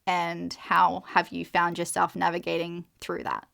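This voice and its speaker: A woman's voice: fairly low pitch, completely flat delivery, a little slow, gravelly, a bit bright. A woman hosting a podcast who asks questions in a casual, encouraging way. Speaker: podcast host. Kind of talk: casual conversation.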